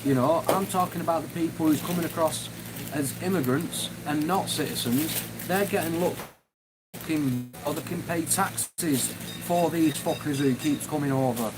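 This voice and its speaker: A man's voice: a little high, normal speed, noisy background. A man hosting a live stream, ranting angrily and swearing heavily as he reads and answers chat. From United Kingdom. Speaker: livestream host.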